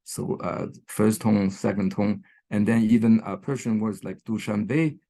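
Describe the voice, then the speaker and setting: A man's voice: on the low side, steady tone, a little slow, dark tone. A man giving an online academic lecture, with many fillers, restarts and "right?" checks, recorded over a computer microphone. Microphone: computer mic on a video call.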